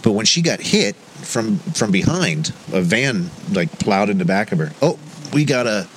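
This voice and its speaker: A man in casual chat who talks haltingly with many "uh"s and restarts. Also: on the low side, big pitch swings, poor audio. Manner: halting, filler-heavy. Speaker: co-host. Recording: faint background noise.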